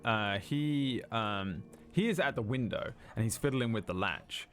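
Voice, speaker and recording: Low-voiced man as game master. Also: expressive, measured pace, fairly bright tone, faint music behind. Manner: casual, with many ums and uhs. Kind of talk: narrating a tabletop game.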